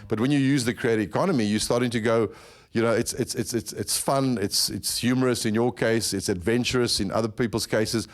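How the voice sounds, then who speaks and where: A man's voice: mid-range voice, fairly even intonation, brisk. A man from South Africa hosting a podcast interview, talking in long rambling turns and repeating words as he thinks. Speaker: podcast host. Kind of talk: conversational interview.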